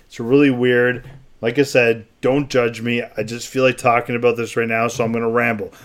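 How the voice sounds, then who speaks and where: A man's voice: medium pitch, clear, resonant tone. Rambling man hosting a solo podcast. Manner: rambling, confessional, animated bursts. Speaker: podcast host. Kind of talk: casual solo podcast monologue.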